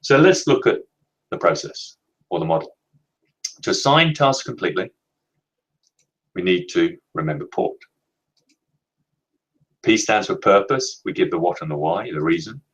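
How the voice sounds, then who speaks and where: A man presenting a leadership training webinar, explaining in a measured, emphatic way and slowing down to stress key words. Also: low-pitched, lively intonation, fairly bright tone, rough recording.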